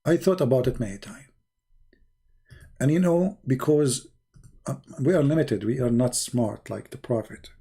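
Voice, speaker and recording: Sarcastic man with dark voice. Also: medium pitch, normal speed, pauses often, husky. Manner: sarcastic, non-native grammar, shifts between loud and quiet. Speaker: online commentator. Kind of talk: mocking commentary.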